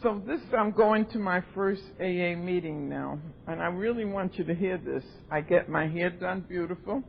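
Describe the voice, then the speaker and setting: Older woman, lively storyteller at a convention podium; raspy, high-pitched, dull old tape with faint rumble. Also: moderate pace, few pauses. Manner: animated storyteller acting out voices. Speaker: AA speaker. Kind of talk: recovery talk at a convention.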